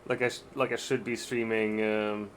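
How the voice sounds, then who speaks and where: A man's voice: lowish voice, flat delivery, normal speed, a little hiss or hum. A man streaming a game live, giving casual commentary with exasperated, swearing outbursts.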